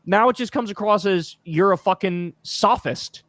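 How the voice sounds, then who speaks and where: A man's voice: sits high, normal speed, fairly bright tone, no echo, clean studio sound. A man hosting a reaction video, in mocking, profane casual commentary, laughing often.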